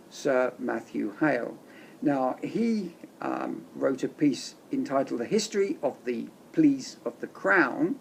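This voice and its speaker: A man giving a measured, emphatic lecture on case law, reading quotations aloud. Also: medium pitch, gravelly, a little hiss or hum. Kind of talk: explanatory lecture narration.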